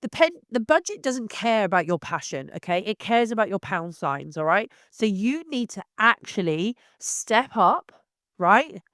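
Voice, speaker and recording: A woman hosting a podcast, slightly unwell and bluntly exasperated as she rants. Her pitch is middling for a woman, and her voice sounds close and dry with no room echo. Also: very animated, unhurried, fairly bright tone. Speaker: podcast host. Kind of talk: ranting solo podcast.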